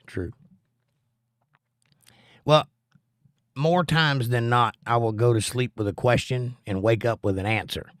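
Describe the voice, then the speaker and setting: A man's voice: mid-range voice, measured pace, long pauses, dry recording, studio quality. A middle-aged American man with a plainspoken, earnest manner, chatting with his stream audience and teaching about the Bible. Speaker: livestream host and Bible teacher. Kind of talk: casual chat and Bible teaching.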